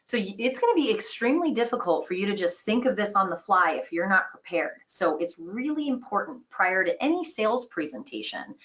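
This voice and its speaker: A woman's voice: medium pitch, big pitch swings, fairly quick, hardly any pauses, fairly bright tone, muffled recording. A woman sales trainer leading an online customer-care course, explaining in an upbeat, conversational way.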